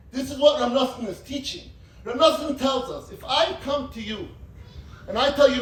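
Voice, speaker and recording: A man giving a rabbinic talk. He tells a Hasidic story in an animated way, with sudden shouts and quick asides. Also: very high-pitched, a little hiss or hum. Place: gathering in a large room. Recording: echoey room, mic at a distance.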